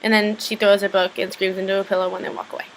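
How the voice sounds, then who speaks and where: A woman's voice: mid-range voice, little pitch movement, fast, a little hiss or hum, rough recording. A woman casually recapping a TV episode, chatty, full of "like" and "um", swearing freely.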